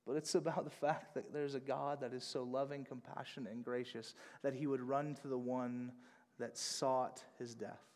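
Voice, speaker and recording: A man preaching a sermon as pastor, emphatic, swinging between hushed and loud delivery. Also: mid-range voice, steady tone, normal speed, in a large hall.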